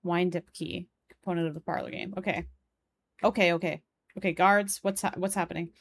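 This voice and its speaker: A young woman with a Polish accent talks her way through a puzzle game on a live stream, her voice sitting a little low. She thinks out loud and stops to read letters and messages aloud. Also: fairly even intonation, a little fast. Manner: chatty, thinks aloud, reads game text and chat aloud.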